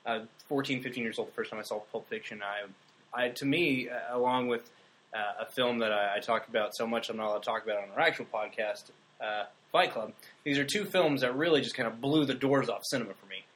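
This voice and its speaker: A man's voice: mid-range voice, brisk, a bit bright, low-quality recording. A man co-hosting a film podcast, chatting casually and rambling with restarts. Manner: rambling, many restarts, joking. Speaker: podcast co-host. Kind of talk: casual chat.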